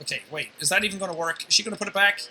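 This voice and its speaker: A woman giving excitable gameplay commentary, laughing often and slipping into silly voices. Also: mid-range voice, rapid-fire, faint music behind. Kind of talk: let's-play reaction commentary.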